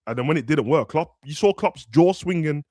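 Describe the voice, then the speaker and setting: Young male football podcast host, animated slang, dry close sound. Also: a little high, fairly quick, dry recording. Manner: animated, slangy, acts out players in raised voices. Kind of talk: casual football chat.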